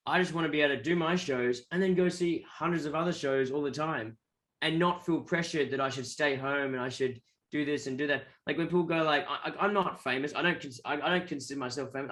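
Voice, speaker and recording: A man's voice: on the high side, fairly bright tone. An Australian man, a guest musician, telling rambling stories in a casual interview and acting out the voices of people he quotes.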